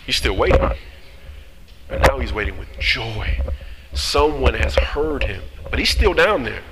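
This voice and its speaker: A male pastor delivering a sermon with animated rhetorical questions. His mid-pitched voice echoes through a long church-hall reverb. A steady background noise sits under every word. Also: measured pace.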